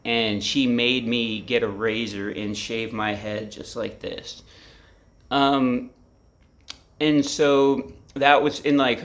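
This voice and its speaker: A vlogger in his forties, filming in his apartment, takes it slowly as he opens up to the camera about his feelings. His medium-pitched, a bit bright voice stays fairly even in intonation, while he rambles, swears freely and leans on plenty of fillers.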